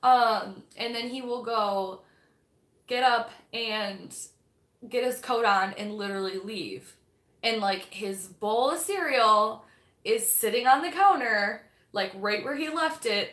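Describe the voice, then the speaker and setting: Young woman rambling on a livestream, kinda high voice, lots of um and like, echoey room. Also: fairly bright tone. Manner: chatty, rambling, full of "like" and "um". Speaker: livestream host of a book club. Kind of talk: casual live-stream chat.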